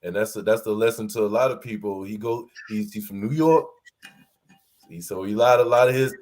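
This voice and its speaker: A man speaking relaxed and slangy in a casual discussion as an instructor, acting out what his friends say. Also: mid-range voice, moderate pace.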